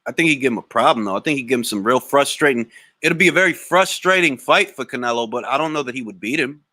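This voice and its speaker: Animated, slangy man hosting a boxing Q&A. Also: medium pitch, quick pace, no echo. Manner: animated, blunt, slangy, swears. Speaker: boxing talk show host. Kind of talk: live Q&A reading chat comments.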